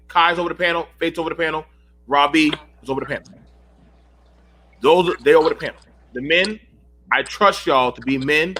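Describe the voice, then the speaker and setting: A man in his thirties runs a heated panel call, pressing his points with preachy repetition. His voice sits high and bright, with a husky edge. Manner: preachy and emphatic, repeats himself. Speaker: host of a panel call show.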